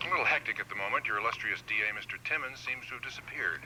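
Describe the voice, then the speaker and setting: An actor playing a brisk, businesslike senior official in a soap opera. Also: male voice, medium pitch, very noisy, natural voice.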